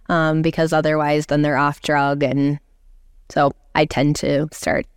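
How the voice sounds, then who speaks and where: A woman oncology clinician on a medical panel, explaining treatment step by step in a measured way with frequent fillers. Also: low-pitched, darkish tone, clear, resonant tone, no room sound, clean studio sound. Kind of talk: continuing-education panel discussion.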